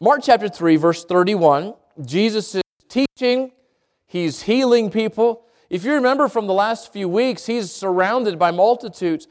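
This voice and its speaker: High-voiced pastor guy, middle-aged, casual chatty sermon with lots of asides. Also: unhurried.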